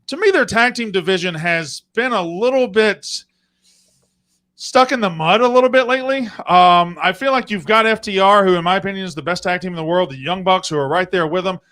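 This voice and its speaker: A man's voice: high voice, a little fast, pushed and bright. A man who hosts a podcast, joking as a guest on a live stream with a loose, rambling manner. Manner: jokey, profane asides, rambling. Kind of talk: casual live-stream chat.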